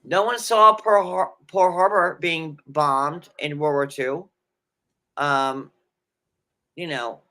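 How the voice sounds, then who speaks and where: A man with a New York accent recaps a show in loose, rambling chat, full of fillers and jokey asides. His voice sits a little high and has a bright, forceful edge. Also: steady tone, takes it slowly. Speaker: podcast co-host.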